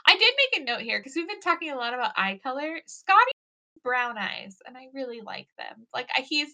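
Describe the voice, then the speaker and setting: Casting: giggly woman podcast co-host, high pitch, animated retellings. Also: brisk. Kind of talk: casual chat recapping a show.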